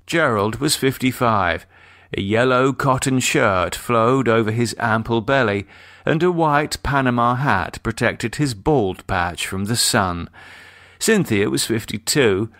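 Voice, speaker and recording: Wry male audiobook narrator, lively pitch. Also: no room sound, studio quality. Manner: wry, measured storytelling. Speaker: author and narrator.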